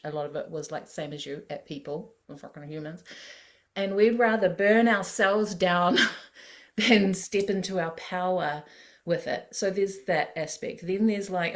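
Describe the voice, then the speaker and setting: A woman hosting a podcast in a casual spiritual conversation, reflective and animated, laughing often. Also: lowish voice, normal speed. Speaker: podcast host.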